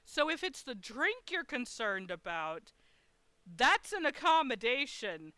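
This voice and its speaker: Woman streamer, fairly high bright voice, animated casual storyteller. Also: takes it slowly, dry recording. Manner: animated, swears, laughs while telling.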